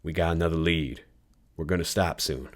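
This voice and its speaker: A man voicing a gruff, protective pilot with a folksy drawl. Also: extremely low pitch, fairly even intonation, moderate pace.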